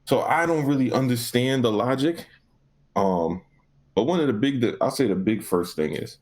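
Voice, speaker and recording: A man co-hosting a gaming podcast, ranting casually with lots of profanity and acted-out back-and-forth. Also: mid-range voice. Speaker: podcast co-host.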